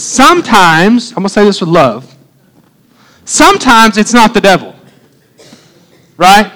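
A male pastor with a notably high voice for a man delivers a conversational sermon. He jokes with the congregation and acts out the voices in his stories. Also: very animated, unhurried, long pauses, sharp tone, rough recording. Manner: humorous, conversational preaching, acting out quotes.

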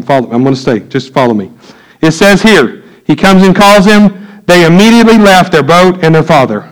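A man, preaching a sermon in a church, swinging from loud emphatic peaks to low quiet asides. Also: expressive, moderate pace, low-quality recording. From United States. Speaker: pastor. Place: church sanctuary.

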